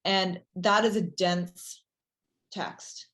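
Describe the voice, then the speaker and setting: Interviewed as a company founder, this woman talks in a chatty, filler-heavy way that gradually builds into an eager sales pitch. She speaks extremely slowly, with fairly even intonation.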